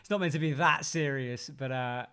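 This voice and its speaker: A man's voice: mid-range voice, bright, forceful tone, smooth. An English man co-hosting a live watch-along, commenting casually on a climbing competition with jokey asides. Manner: chatty, jokey, quick asides and laughs. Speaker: co-host reacting to a climbing event.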